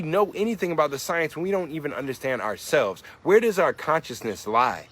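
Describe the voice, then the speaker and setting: A man's voice: fairly high pitch, lively intonation, fast, hardly any pauses, a bit bright. A man in his forties, a rapper explaining his lyrics in a reflective monologue, musing and asking many rhetorical questions. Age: 40s.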